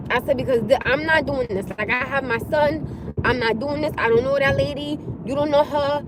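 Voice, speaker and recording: A woman telling a story to her live viewers in a casual rant, animated and exasperated, laughing often. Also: sits high, a little fast, background noise. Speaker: livestream host.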